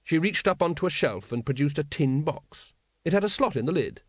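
This audiobook narrator is a man with a fairly high voice who reads a scripted story in a measured, expressive way. The sound is dry and clean, like a studio.

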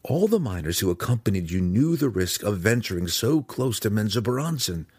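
Man voicing an intense dark elf warrior, low husky voice, lively pitch. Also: brisk, dry recording. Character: earnest young male dark elf warrior.

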